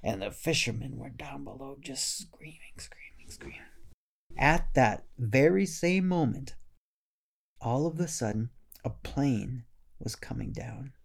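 Slow, gravelly male storyteller. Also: medium pitch, lively intonation. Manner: gentle, unhurried storytelling. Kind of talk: storybook narration.

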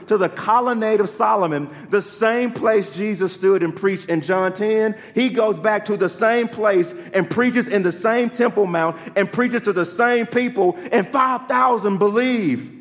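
A man's voice: high-pitched, moderate pace, few pauses, in a large hall. A male pastor preaching a sermon, building to urgent rhetorical questions.

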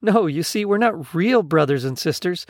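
A man reading the lines of a gentle, patient young actress who explains things kindly. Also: high voice, expressive, normal speed, dry recording, clean studio sound.

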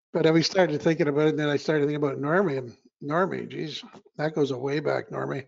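A man with a gravelly, creaky voice recalls old times in casual talk, with laughter between remarks. His voice sits a bit higher than most men's. The recording is dull and lo-fi. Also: steady tone, fairly quick. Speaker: guest in a group conversation. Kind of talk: casual reminiscing.

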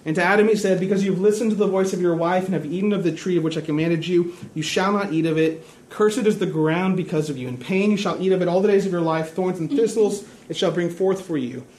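A man preaching a sermon in a church, earnest and measured, dropping to a hushed tone in reflective stretches. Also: high-pitched. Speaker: pastor.

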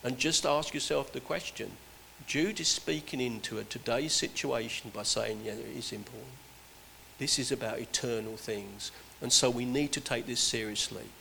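A man's voice: mid-range voice, moderate pace, gravelly, pushed and bright, a little hiss or hum, low-quality recording. Earnest man preaching a sermon. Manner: earnest, exhorting, with emphatic swings in volume.

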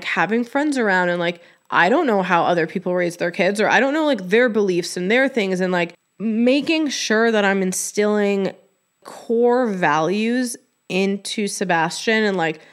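A woman hosting a podcast in casual chat, candid and expressive, with her talk full of "like". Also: mid-range voice. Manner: chatty, heavy use of "like". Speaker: podcast host.

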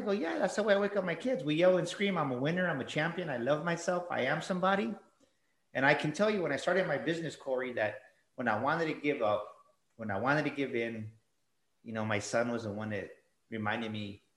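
Animated man telling stories, echoey room. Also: medium pitch. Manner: animated storyteller acting out quoted voices. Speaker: guest, author and father. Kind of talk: casual podcast conversation.

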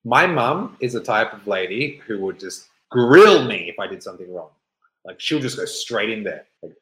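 A man in his thirties tells a personal story with a rambling, animated flow. He swears freely and slips into acted-out quotes. His voice sits a bit low and carries a roomy echo. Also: fairly quick. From Melbourne, Australia.

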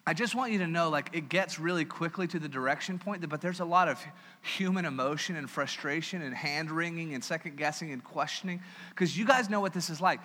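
Pastor, male, conversational and joking sermon; high, bright voice; church hall reverb. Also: brisk.

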